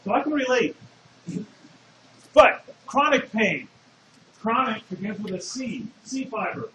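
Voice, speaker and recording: A man's voice: high-pitched, very animated, a little slow, pushed and bright, slight background noise. A man giving a classroom lecture, explaining step by step and putting questions to the class. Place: lecture hall. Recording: echoey lecture hall.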